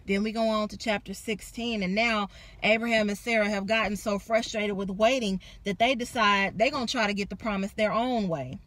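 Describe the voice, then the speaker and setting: A young adult woman giving a casual sermon, telling the story with animated, acted-out quotes. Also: medium pitch, moderate pace. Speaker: preacher.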